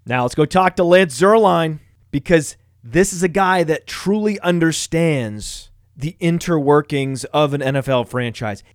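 A man hosting a fantasy football podcast, reading ads in a boastful, self-mocking, energetic way. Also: on the high side, no echo, clean studio sound. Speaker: podcast host.

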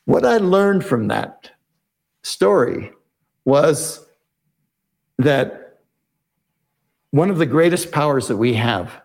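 A man telling a story as an interview guest, explaining in a measured way and voicing his own inner questions aloud. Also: a little high, expressive, gravelly. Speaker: podcast guest, negotiation expert.

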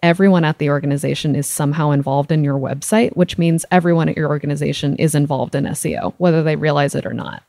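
A woman with a low voice talks through her ideas as a podcast guest. She explains at an even, methodical pace with the odd laugh. The sound is dry and close, with no room in it. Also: no echo. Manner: explanatory, steady, occasional laughs. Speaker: guest, SEO director. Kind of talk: podcast conversation.

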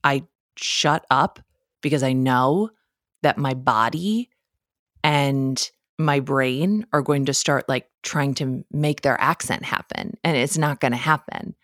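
A woman with a Midwestern American accent talks through a casual solo podcast episode from her home office. Her voice sits low, and the sound is dry and close with no room echo. She keeps a chatty, self-deprecating tone. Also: takes it slowly, fairly bright tone. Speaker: podcast host.

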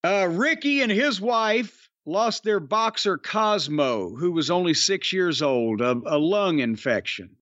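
A man with a fairly high, animated voice reads listener tributes on a podcast, wry and offhand, tripping over a name now and then. The recording is dry and close, with a slightly dull, lo-fi tone. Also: takes it slowly, few pauses, no echo. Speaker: podcast co-host. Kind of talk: casual podcast chat, reading listener tributes.

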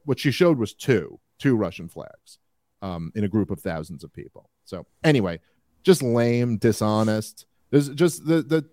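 Male podcast host, middle-pitched, rambling, filler-heavy delivery, dry close sound. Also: dry recording. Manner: rambling, animated, frequent fillers. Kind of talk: casual political commentary.

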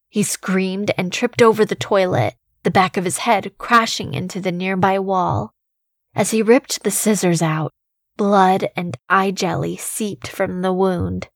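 A woman narrating a first-person horror story in a measured, tense storytelling manner. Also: medium pitch, dry recording, clean studio sound.

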